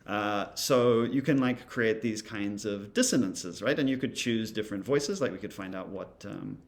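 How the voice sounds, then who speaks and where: A man's voice: on the low side, normal speed. A man giving a casual recorded lesson, thinking aloud with many ums and uhs. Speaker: instructor. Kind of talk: recorded lecture demonstrating software.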